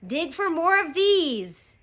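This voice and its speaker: Captain Bones, a woman doing a gruff pirate captain. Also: fairly high pitch, very animated, slow, bright, forceful tone, exaggerated voice. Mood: bellowing. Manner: bossy, barking orders.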